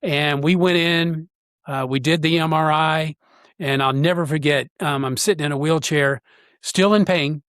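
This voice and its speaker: A man, a podcast guest, telling a personal story in an earnest, halting way with frequent pauses. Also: a little high, fairly even intonation, fairly bright tone, no room sound, studio quality.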